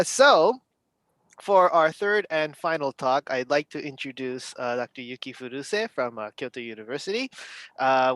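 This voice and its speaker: A man's voice: medium pitch, a bit bright, dry recording. A man hosting an online talk event over a video call, chatty and full of fillers. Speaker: event host. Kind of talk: casual chat and hosting.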